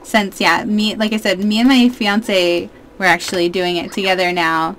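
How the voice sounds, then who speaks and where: A woman in her twenties giving casual, excitable let's-play commentary as a gaming YouTuber, chatting to her viewers. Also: medium pitch, moderate pace, a little hiss or hum.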